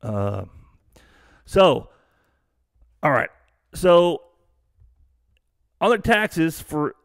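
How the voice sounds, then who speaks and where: A man's voice: medium pitch, no echo, studio quality. A middle-aged man from Texas hosting a live stream, ranting bluntly and profanely in a rambling, casual way.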